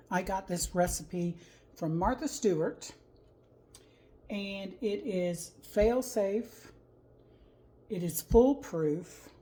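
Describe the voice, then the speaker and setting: A woman's voice: lowish voice, warm tone, low-quality recording. A woman hosting a casual cooking video from her home kitchen, talking in a sassy, playful way with jokey asides.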